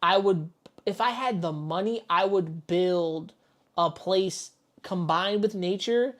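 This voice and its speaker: A woman from the Bronx, reacting to a video with loud, profane outbursts. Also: fairly low pitch, slow. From the Bronx, New York. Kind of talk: casual reaction commentary.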